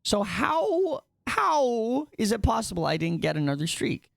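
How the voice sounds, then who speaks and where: A young male streamer with a high voice that leaps all over the place as he rambles and teases himself. He sounds dry and close, with no room around him. His talk is casual gaming chat, excitable and loose. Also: vocal fry, no room sound. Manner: rambling, excitable, self-mocking, quick jumps in pitch.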